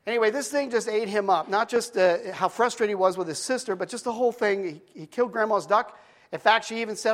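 A man preaching a sermon, telling a story and acting out the characters' lines in a soft, hushed voice. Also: high-pitched, quick pace, long reverb tail. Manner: animated storyteller, acting out voices, drops to hushed tones for quotes. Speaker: pastor.

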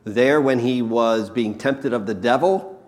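A male preacher delivers a sermon at an unhurried, deliberate pace, leaning hard on repeated words. His voice sits in the middle range. The sound trails off into a long hall reverb. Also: medium pitch, darkish tone. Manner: slow, emphatic, repeats key words.

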